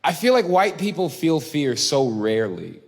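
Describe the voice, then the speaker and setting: A man performing a stand-up comedy routine on a club stage, animated and crowd-baiting, swearing freely and acting out other people. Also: fairly high pitch, normal speed, in a large hall.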